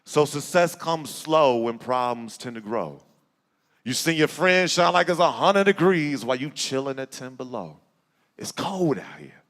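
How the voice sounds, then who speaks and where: A man from Chicago performing spoken-word poetry to a church audience, with a rhythmic, rhyming delivery that rises to shouts. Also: mid-range voice, very animated, measured pace. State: out of breath. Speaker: guest spoken-word poet. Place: church sanctuary with live audience. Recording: echoey hall with audience.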